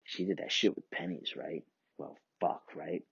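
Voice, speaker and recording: A man's voice: low-pitched, steady tone, moderate pace, gravelly, slightly rough, no room sound, dull audio. A man hosting his own podcast, rambling casually and profanely and chuckling often between thoughts. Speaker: podcast host.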